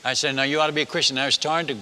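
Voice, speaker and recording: A man preaching, telling a story in a lively way and acting out the voices of the people in it. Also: fairly high pitch, rapid-fire. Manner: animated, acts out villagers' voices. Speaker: missionary storyteller. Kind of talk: sermon storytelling. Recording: echoey hall reverb.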